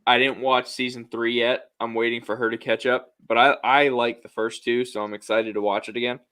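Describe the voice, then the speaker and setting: Laid back guy co-hosting, just agreeing along, mid pitched voice. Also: flat delivery, a little fast, sharp tone. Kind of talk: casual chat.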